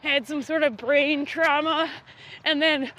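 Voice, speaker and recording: A woman co-hosts a relaxed podcast chat in a high voice. Her tone is bright and tense, and she teases playfully. She often pauses and hedges with ums. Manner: playful, teasing, hesitant with many ums. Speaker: podcast co-host. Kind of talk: casual chat.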